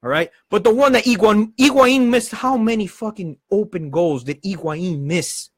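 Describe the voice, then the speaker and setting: A man hosting a live football show, ranting with passion and swearing, in fast heated bursts. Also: sits high, no echo. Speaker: football channel host. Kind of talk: passionate live-stream rant.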